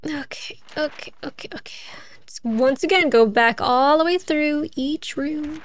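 A woman's voice: sits high, measured pace. A woman streaming a game, chatting casually as she plays, thinking aloud and laughing often. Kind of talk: casual gameplay commentary.

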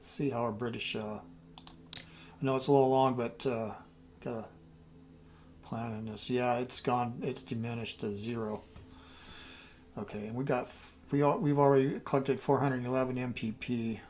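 A man's voice: medium pitch, steady tone, normal speed, pauses often, darkish tone, slight background noise. A middle-aged man thinking aloud as he plays a strategy game, muttering and trailing off. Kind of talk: casual game commentary.

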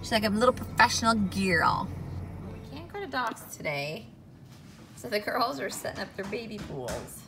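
Chatty mom with a lively, gravelly voice. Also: female voice, mid-range voice, moderate pace, over music. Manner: chatty, expressive, sometimes whispering to camera. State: out of breath at times. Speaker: mother vlogging family life. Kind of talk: casual family vlog.

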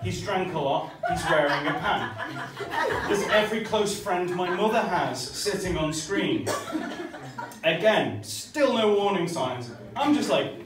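Tipsy young guy doing stand-up, high bouncy voice, swears nonstop, echoey club mic'd from far off w/ crowd laughing. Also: animated, unhurried. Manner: swears constantly, laughs at own jokes. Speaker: stand-up comedian. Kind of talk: stand-up comedy set. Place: small comedy club.

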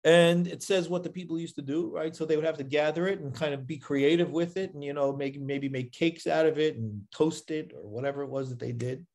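A rabbi with a high voice for a man teaches a live Torah class. He reads Hebrew verses aloud and then unpacks them, often pausing on a questioning "right?" to keep the room with him. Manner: animated, checks in with frequent "right?".

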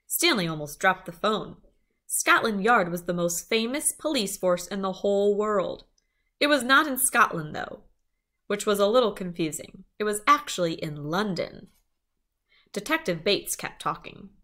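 A woman's voice: medium pitch, measured pace. A woman reading a children's chapter book aloud, with small asides to her listeners. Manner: lively storytelling, small asides.

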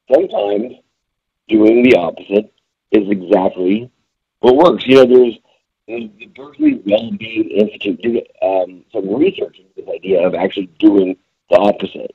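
A man talks through a small business webinar like a storyteller, his pitch swinging widely and his low voice gravelly and husky. He fills his speech with casual fillers. The audio sounds dull and lo-fi. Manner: lively storyteller, frequent fillers. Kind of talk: conversational webinar talk.

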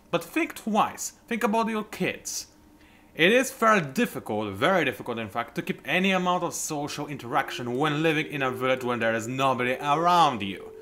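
A man's voice: fairly high pitch, a bit bright. A man, chatting casually and rambling off topic while commenting on a game he plays at home. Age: 20s. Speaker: let's play host. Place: home room.

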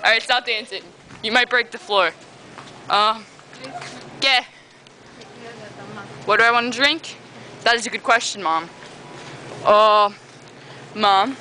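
A woman's voice: fairly high pitch, takes it slowly, pauses often, sharp tone. Giggly woman filming in a noisy store. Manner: giggly, teasing, exclamatory. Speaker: person filming a home video. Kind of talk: casual chat. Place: inside a large store. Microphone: handheld camcorder.

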